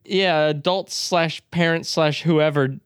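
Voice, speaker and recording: A man's voice: a little high, steady tone, slow pace, smooth, dry recording, clean studio sound. A man co-hosting a podcast in casual chat, rambling and laughing often. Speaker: podcast co-host.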